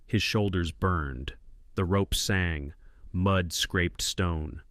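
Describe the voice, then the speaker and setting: A man narrating a scripted western story in a low, calm and measured way. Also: dry recording, clean studio sound.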